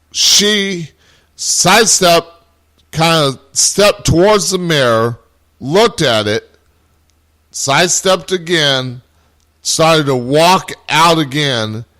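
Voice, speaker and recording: A man hosting a casual chat, recounting a ghost investigation in a halting way with restarts. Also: mid-range voice, sharp tone.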